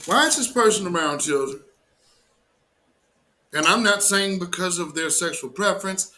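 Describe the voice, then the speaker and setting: Male livestream host, high bright voice, indignant slangy commentary. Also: animated, normal speed. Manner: emphatic, indignant rant with slang.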